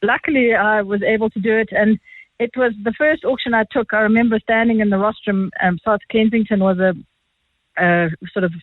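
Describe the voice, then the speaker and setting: South African woman, quick chatty storyteller, tinny phone line, dry sound. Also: medium pitch, dry recording. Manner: fast-talking, chatty, animated. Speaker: art auctioneer guest. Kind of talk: phone interview, anecdotal storytelling.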